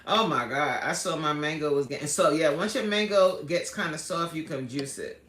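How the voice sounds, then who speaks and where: A woman's voice: deep voice, normal speed, fairly bright tone, roomy sound. A woman hosting a casual livestream, chatting and reading viewer comments aloud with lots of laughter. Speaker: livestream host. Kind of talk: casual live-stream chat.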